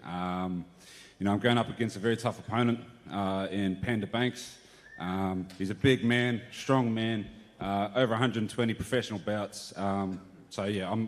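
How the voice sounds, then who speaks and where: Kiwi heavyweight guy, lowish voice, stoked to be there, echoey hall. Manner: humble, excited. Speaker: heavyweight fighter. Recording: reverberant hall.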